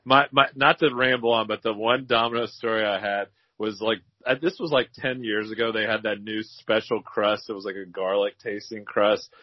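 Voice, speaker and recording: A man in his thirties co-hosting a podcast, speaking in a hesitant, halting way. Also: on the low side, fairly even intonation, no echo, muffled recording. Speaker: podcast co-host. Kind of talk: casual chat.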